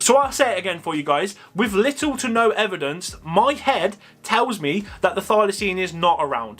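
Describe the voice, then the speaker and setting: A man with a Coventry accent talks straight to his viewers in casual commentary. His voice sits high and sounds bright and forward. He is sarcastic and chatty, with plenty of fillers. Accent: Coventry English. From Coventry, England. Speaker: wildlife YouTuber.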